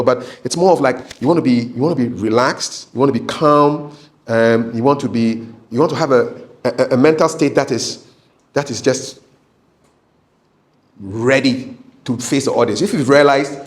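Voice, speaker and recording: Chatty man coaching public speaking. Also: mid-range voice. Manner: repeats words, frequent okay tags, chuckles. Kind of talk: casual talking-head lesson.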